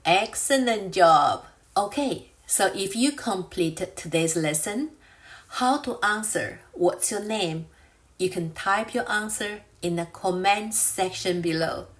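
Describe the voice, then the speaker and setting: A woman teaching a beginner English lesson, speaking slowly and clearly with carefully enunciated, drawn-out example phrases. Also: medium pitch, lively intonation. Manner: drawn-out model phrases for shadowing practice. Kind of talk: slow beginner language lesson.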